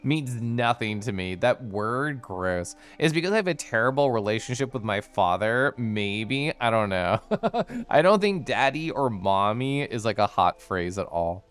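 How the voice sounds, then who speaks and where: A man's voice: medium pitch, lively intonation, measured pace, clear, resonant tone, soft background music. A man streaming a game, chatting casually in a bubbly, giggly, theatrical way. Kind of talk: casual livestream chat over gameplay.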